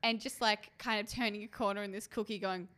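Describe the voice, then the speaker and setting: A woman's voice: mid-range voice, steady tone, a little fast, a bit bright. A woman co-hosting a podcast in casual chat, retelling a dream in a rambling way with frequent laughter. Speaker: podcast co-host.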